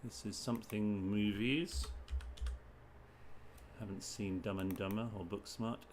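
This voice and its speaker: Slow, low-voiced British man muttering clues. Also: steady tone, slight background noise. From United Kingdom. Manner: reads clues and mutters answers in short bursts. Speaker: streamer solving crosswords. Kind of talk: thinking aloud while solving.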